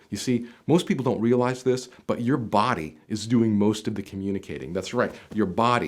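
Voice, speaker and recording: A man hosting a job interview tips video, talking straight to the viewer in an emphatic coaching manner that swings between punchy lines and quieter asides. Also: medium pitch. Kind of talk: direct-to-camera instructional talk.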